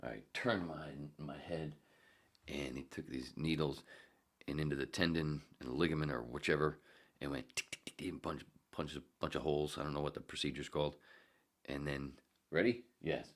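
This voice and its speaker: A middle-aged man hosting a podcast on his own speaks in a rumbling low voice with fairly even intonation and a moderate pace. He rambles through self-mocking stories, reads a live chat aloud, and breaks into whispers and laughter.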